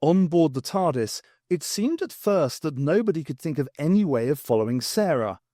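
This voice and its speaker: A man reading an unabridged novel aloud in a measured, expressive storytelling manner. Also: a little high, no room sound, clean studio sound. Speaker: audiobook reader.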